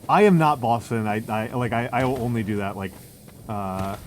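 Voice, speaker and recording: An American man speaks at a medium pitch and normal pace, chatting casually with stream viewers in a rambling, self-deprecating way full of restarts. Music plays behind him, with slight background noise.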